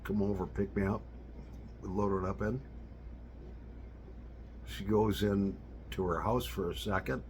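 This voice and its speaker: A man's voice: on the low side, fairly even intonation, darkish tone, a little hiss or hum. A man telling a casual personal anecdote in a rambling way, with lots of fillers and restarts. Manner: rambling, with many fillers and restarts, drawn-out delivery. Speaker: storyteller.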